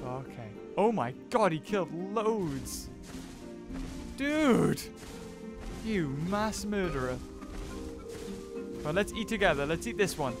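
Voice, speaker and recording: A young man narrates his survival gameplay with bursts of excitement and frequent laughter. His voice sits high and bounces around a lot, though he talks at an easy, unhurried pace. Clear game music plays behind him. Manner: excitable, laughing often, voices the dinosaurs in silly quotes. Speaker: gaming YouTuber. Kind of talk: let's play commentary.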